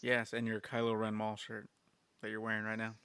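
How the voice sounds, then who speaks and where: A man co-hosting a podcast, telling an animated story in a casual chat full of fillers. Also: on the low side, a little fast, clean tone, no room sound, studio quality. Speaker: podcast co-host.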